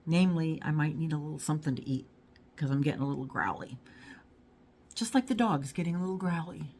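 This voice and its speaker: A middle-aged woman with a low-pitched voice chats casually to her viewers. She rambles from one thought to the next in an easygoing way. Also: animated, fast, darkish tone, a little hiss or hum. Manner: rambling and chatty, talks to her dog. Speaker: YouTube haul vlogger. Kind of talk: casual chat to camera.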